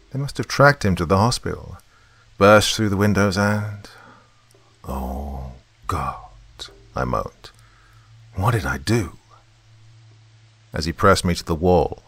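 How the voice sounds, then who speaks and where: A man with a very deep voice narrates a first-person horror story, tense and dramatic. The sound is close and completely dry. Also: a bit bright, no echo.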